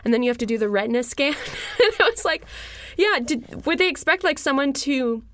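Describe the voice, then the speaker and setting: A woman co-hosting a podcast, joining a casual book discussion with animated, playful comparisons. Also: sits high, a little fast. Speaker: podcast co-host.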